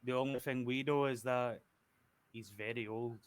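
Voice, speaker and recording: Man, game master, relaxed halting narration, voice chat. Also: mid-range voice, no echo.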